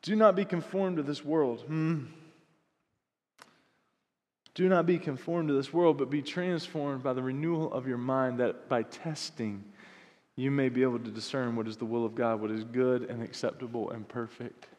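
A man preaching a sermon, earnest, rising to loud emphatic peaks and dropping to soft, hushed passages. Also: medium pitch, fairly even intonation, normal speed. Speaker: pastor. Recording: long hall reverb.

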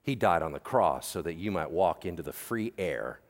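A male pastor preaching a sermon in a lively, conversational and joking manner. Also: sits low, normal speed. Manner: animated, jokey, conversational preaching. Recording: long hall reverb.

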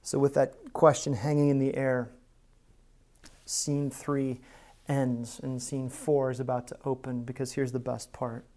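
A man preaching a sermon as pastor, earnest and conversational, moving between hushed moments and emphatic stretches. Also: mid-range voice, flat delivery, measured pace. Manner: conversational asides to the congregation.

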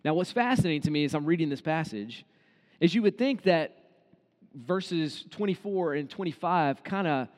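High-voiced pastor preaching in reverberant hall. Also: male voice, lively intonation, normal speed. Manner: conversational preaching, acts out quoted inner voices. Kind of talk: sermon.

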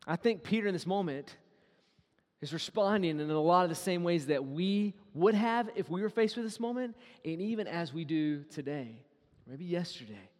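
Animated high-voiced preacher in a reverberant hall. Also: male voice, normal speed. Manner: animated, swings between loud acted quotes and hushed intimate asides. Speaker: pastor. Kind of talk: sermon.

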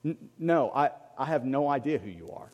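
A man's voice: medium pitch, lively intonation, normal speed, in a large hall, highs cut off, voice pushed down, lightly acted. A man voicing a flustered male college professor who stammers and hesitates.

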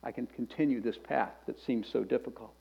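A man's voice: mid-range voice, brisk, gravelly, dark tone, slightly rough, lo-fi sound. A pastor preaching a sermon in a conversational way, often restarting phrases and tossing in asides to his congregation.

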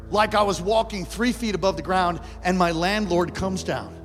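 A preacher man with a somewhat high voice delivers a lively storytelling sermon, acting out the people in his story and breaking into shouts. He is recorded live in a big church hall, with long reverb trailing his words and clear music playing underneath. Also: brisk, hardly any pauses. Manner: animated, acts out quotes, bursts into shouts. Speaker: pastor.

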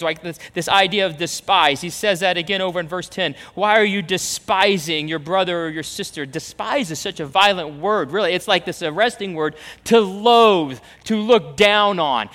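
A man's voice: sits high, fairly bright tone. A man preaching a sermon as pastor, emphatic, repeating phrases and acting out the voices he quotes. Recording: reverberant hall, long echo.

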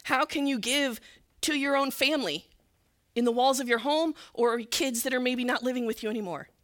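A woman church leader telling a story in a sermon, earnest and sometimes dropping to a soft near-whisper. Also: sits high, moderate pace.

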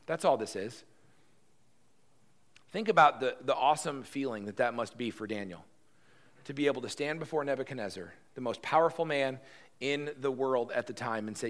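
A pastor giving a sermon in an animated, conversational storytelling manner. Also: male voice, medium pitch, brisk.

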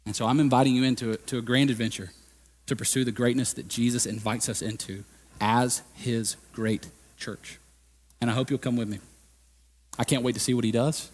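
A man preaches in a mid-range voice, and his sound rings out through the long reverb of a church hall. He talks casually, full of everyday fillers, then builds to loud, emphatic peaks before dropping low and quiet. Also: steady tone, brisk. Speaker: lead pastor. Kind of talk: sermon. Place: church sanctuary.

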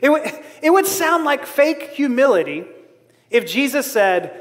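High-voiced man preaching in a reverberant hall. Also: sing-song, unhurried. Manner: humorous, self-deprecating, laughs often. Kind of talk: sermon.

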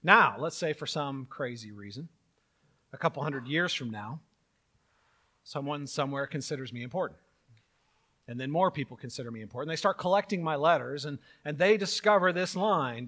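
A middle-aged man preaching a sermon as pastor, animated and joking, with mock-outraged asides. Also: a little high, normal speed.

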